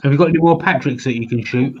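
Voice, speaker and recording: A man's voice: medium pitch, rapid-fire, dull audio, a little hiss or hum. An English man who is a guest on a live stream, chatting in a dry, teasing way over a video call. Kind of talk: casual chat.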